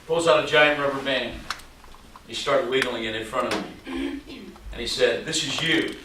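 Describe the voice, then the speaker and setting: A man's voice: mid-range voice, moderate pace. A man in his sixties giving a motivational keynote to a live audience, telling stories with jokes and firing rhetorical questions at the crowd. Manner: animated, quizzes audience with rhetorical questions, jokey. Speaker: motivational speaker. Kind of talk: stage keynote storytelling. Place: large hall with live audience. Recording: echoey hall, mic at a distance, faint noise.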